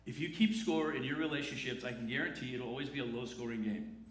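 A man's voice: mid-range voice, fast talker. A man preaching a sermon in a conversational way, asking rhetorical questions. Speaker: pastor. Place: church sanctuary. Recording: echoey church room.

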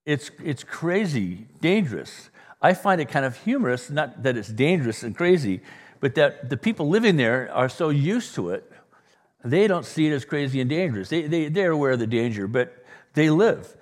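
A man from Southern California preaching a sermon as pastor, joking, with sudden loud bursts and quiet asides. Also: fairly high pitch, sing-song, moderate pace. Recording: long hall reverb.

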